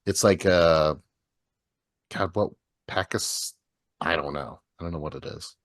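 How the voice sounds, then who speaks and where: A man's voice: sits low, a little slow, no room sound, clean studio sound. A man with a Wisconsin accent chatting casually on a podcast, rambling, laughing easily and trailing off mid-thought. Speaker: podcast co-host. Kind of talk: casual chat.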